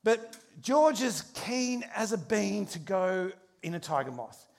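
A man preaching a sermon, telling a humorous story with animated shifts in pace and loudness. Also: high voice, slow, creaky. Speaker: pastor.

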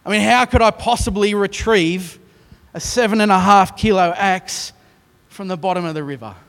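Animated Australian preacher in echoing hall. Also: male voice, high-pitched, moderate pace. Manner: animated storytelling with self-mocking asides. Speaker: pastor. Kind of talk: sermon.

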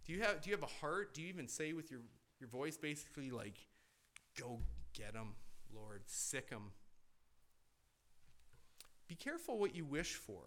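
Emphatic preaching man, fairly high voice. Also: very animated, quick pace. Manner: conversational preaching with rhetorical questions and repeated restarts; swings between loud emphatic lines and quiet asides. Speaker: pastor. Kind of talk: sermon.

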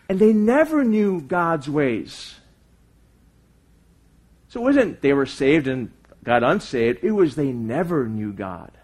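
Husky, earnest male preacher. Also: on the high side. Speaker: pastor. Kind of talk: sermon.

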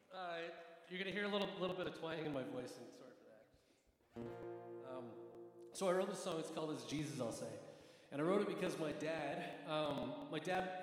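Male worship pastor, high voice, rambling and sincere; roomy church hall, faint music behind. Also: husky. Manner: rambling and earnest, full of fillers and restarts. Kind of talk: casual talk from the stage before a song. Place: church hall with a long, echoing reverb.

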